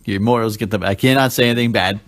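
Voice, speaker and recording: A man's voice: lowish voice, fast talker. A man co-hosting a casual chat, teasing and trash-talking his friend.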